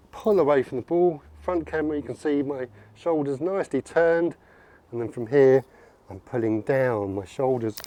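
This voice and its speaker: A man's voice: mid-range voice, mellow. A man coaching golf outdoors, upbeat and encouraging as he demonstrates swings. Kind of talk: on-course golf instruction.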